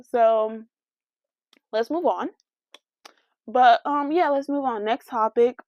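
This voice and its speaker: A young adult woman hosting a casual solo podcast, talking in a brash, sassy, slangy and animated way. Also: a little high, moderate pace, dry recording. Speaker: podcast host. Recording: dry, dull lo-fi sound.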